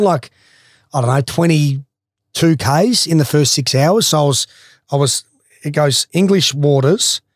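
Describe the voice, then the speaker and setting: A man, a former footballer, telling a swimming story in a casual, animated way, swearing freely and laughing as he goes. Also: mid-range voice, dry recording, clean studio sound.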